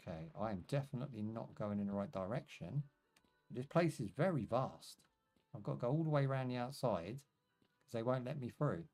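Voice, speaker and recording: A man's voice: mid-range voice, expressive, fairly quick, darkish tone, faint music behind. A man chatting jokily as he live-streams a video game. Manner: joking, chatty, talks to himself and chat. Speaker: livestream gamer. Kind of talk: casual gameplay commentary.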